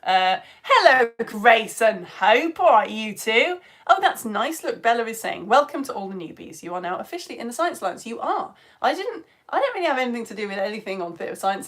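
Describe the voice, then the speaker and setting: A woman's voice: medium pitch, fairly bright tone. A British woman teaching a live online science lesson, reading out viewer comments and greeting children by name in a gushing, chatty way with self-mocking asides.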